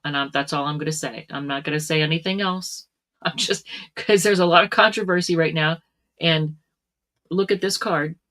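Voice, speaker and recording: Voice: mid-range voice, fairly bright tone. A tarot reader giving a casual reading to camera, chatty, with frequent laughs and plenty of fillers.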